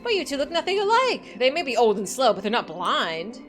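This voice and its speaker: Pompous theatrical old gentleman, plummy put-on accent, high and lively, voiced by a woman streamer. Faint game music underneath. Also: brisk. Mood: grandiloquent. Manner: grandiloquent, flowery.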